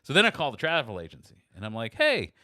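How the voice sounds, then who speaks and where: A middle-aged podcast host tells a long story in casual chat, speaking at a racing clip. He's animated, acting out the people he quotes by raising his pitch, and the recording is dry and clean, with a studio sound.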